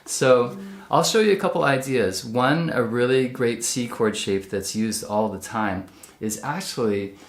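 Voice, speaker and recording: Male ukulele teacher, mid-pitched, patient step-by-step delivery, echoey room, loud ukulele under the voice. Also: measured pace. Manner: patient, explains step by step while playing. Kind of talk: instructional demonstration. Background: ukulele playing.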